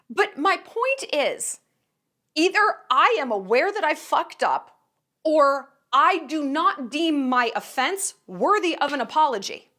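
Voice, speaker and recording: A woman with a high voice that swoops widely up and down delivers casual opinion commentary. She is blunt and emphatic and swears freely. Her tone is sarcastic and indignant. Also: big pitch swings, normal speed, pushed and bright. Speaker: commentary vlogger.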